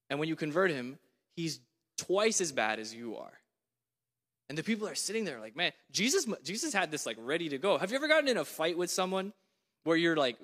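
A young man giving a casual sermon, chatty and full of "like", who reads scripture aloud with force. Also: fairly high pitch. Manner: conversational, lots of "like", rising to loud scripture reading. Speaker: preacher. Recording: long hall reverb.

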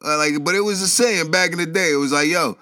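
A man's voice: a little high, fast talker, pushed and bright. A man telling a news story as casual, rambling commentary, full of slang, asides and chuckles. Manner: slangy, rambling, laughs at his own asides. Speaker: commentary vlogger.

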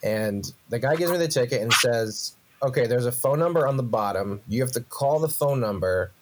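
Ranting comedian telling a story. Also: male voice, mid-range voice, normal speed, noisy background. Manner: animated ranting storyteller, swears a lot. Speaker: podcast co-host. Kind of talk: casual comedic chat.

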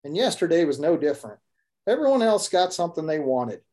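A man's voice: a little high, sing-song, fairly quick, dark tone. A man putting on a wry folksy Texan cowboy. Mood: wry grumbling. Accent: Texas. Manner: folksy, wry storytelling with mock complaints. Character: grumbling joking Texan man with a big hat.

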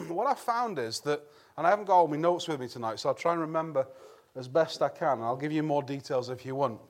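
A man preaching an evening sermon in a church, earnest and conversational, clearing his throat and restarting phrases now and then. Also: on the high side.

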